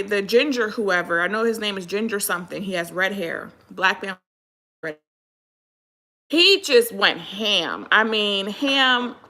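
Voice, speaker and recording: A woman from Pennsylvania giving casual, exasperated commentary on a livestream and greeting viewers as she talks. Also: mid-range voice. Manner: animated, exasperated, greets viewers mid-rant. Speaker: livestream host.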